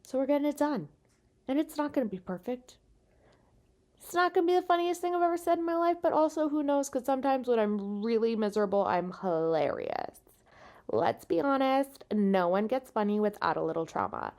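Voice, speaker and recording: A woman's voice: sits high, big pitch swings, fairly quick, darkish tone. A tired woman hosting a podcast, venting frankly and with a lot of swearing while lying in bed with no proper microphone. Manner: frank, profane, self-deprecating venting. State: exhausted. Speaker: podcast host; stand-up comedian. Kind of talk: casual solo podcast monologue. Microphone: no podcast microphone, makeshift mic.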